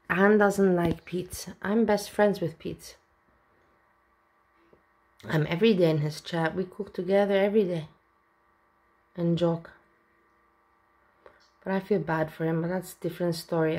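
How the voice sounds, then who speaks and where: A woman's voice: lowish voice, fairly even intonation, moderate pace, pauses often, a little mellow. A woman vlogger talking casually and openly emotional, with a rambling way of speaking. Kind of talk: casual reaction vlog.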